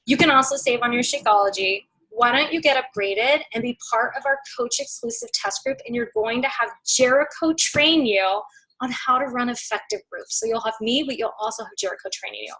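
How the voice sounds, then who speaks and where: Slightly high-voiced woman hyping up her team on a video call, chatty and excited. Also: fairly quick, low-quality recording. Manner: upbeat, excitable, chatty with fillers. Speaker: team coach leading a group call. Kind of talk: casual pep talk on a video call.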